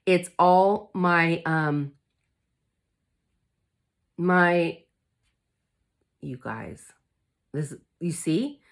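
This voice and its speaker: A woman with a low voice chats straight to her camera in a casual vlog. She speaks candidly and with feeling, recovering from an illness and set on fighting back. Her tone is open and personal, as if talking to friends. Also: extremely slow, pauses often. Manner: candid, emotional, fighting spirit. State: recovering from covid. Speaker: vlogger.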